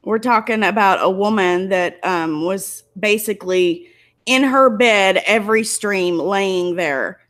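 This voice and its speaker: A woman's voice: medium pitch, takes it slowly, fairly bright tone. A woman YouTuber giving an angry, emotional commentary, tearful and indignant as she talks. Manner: emotional, indignant, close to tears.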